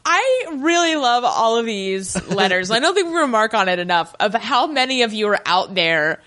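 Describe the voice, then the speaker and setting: A woman's voice: on the high side, big pitch swings, moderate pace, a bit bright. A woman co-hosting a podcast, chatting casually and reading listener letters, laughing often. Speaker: podcast co-host.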